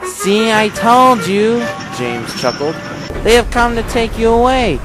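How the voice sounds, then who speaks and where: A man putting on a high mocking engine. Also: big pitch swings, normal speed, over music, low-quality recording. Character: boastful teasing male steam engine.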